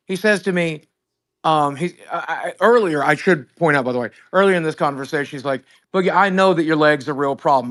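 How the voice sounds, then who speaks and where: A man tells a profane, animated story on a livestream, switching between voices for himself and the other caller. His voice sits slightly high. He talks into a desk mic over a video call. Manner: profane, emphatic, acts out both sides of a phone call. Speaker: streamer host.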